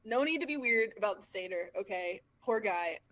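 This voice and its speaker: A woman player in a tabletop game, talking in a loud, playful way, in and out of character. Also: medium pitch, lively intonation, moderate pace, poor audio. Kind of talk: tabletop game role-play chat.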